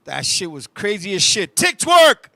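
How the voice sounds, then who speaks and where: Unhurried and gravelly, this male show host spins lively, foul-mouthed stories in joking conversation and keeps addressing his co-host. His voice is very high and piercing, picked up close on a completely dry mic without any room sound.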